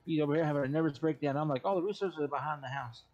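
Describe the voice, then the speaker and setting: A man's voice: rapid-fire, muffled recording. A man hosting a game stream, telling stories in casual chat, swearing freely and mimicking other people. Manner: animated storytelling, swearing, mimics others in high voices. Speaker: streamer host.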